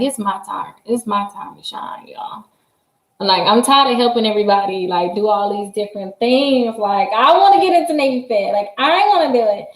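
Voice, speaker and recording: A woman hosting a casual livestream, chatty and excitable, laughing often and talking straight to her viewers. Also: mid-range voice, creaky. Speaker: credit repair livestream host. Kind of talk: casual livestream chat reading viewer comments. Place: her office. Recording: roomy echo.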